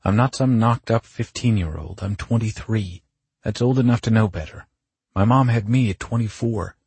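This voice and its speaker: A man's voice: lowish voice, a little fast, a little mellow, slightly rough, no echo, voice pushed up. A man reading an audiobook, voicing an upset pregnant young woman of twenty-three with a raised, pressed and insistent voice. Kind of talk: audiobook character voice.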